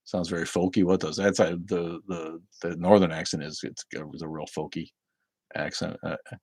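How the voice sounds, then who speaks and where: A man's voice: sits low, little pitch movement, normal speed, a little mellow, no room sound, clean studio sound. A man with a New England accent hosting a livestream, chatting casually and answering viewer comments. He rambles and often stammers through restarts. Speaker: livestream host.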